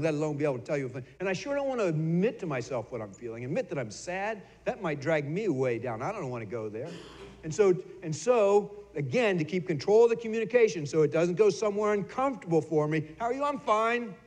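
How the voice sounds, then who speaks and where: A middle-aged man preaching a sermon in a casual, conversational way, stumbling over and repeating his words now and then. His voice sits a bit high for a man. A long church reverb trails behind every phrase. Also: big pitch swings, fast, a little mellow. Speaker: pastor. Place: church sanctuary.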